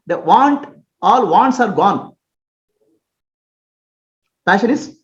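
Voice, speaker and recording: A man with a high voice and lively intonation speaks slowly, pausing often. As a spiritual teacher in a Q&A talk, he offers homely examples, checks that listeners are following, and chuckles frequently. The sound is roomy, dull and lo-fi.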